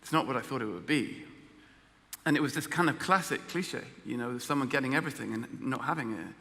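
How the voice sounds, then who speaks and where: An English man tells a personal story in a halting, self-mocking way, often stopping to restart his sentences. His voice is bright and forward. The talk carries a long reverb, as if recorded in a large hall. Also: medium pitch. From England. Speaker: guest speaker.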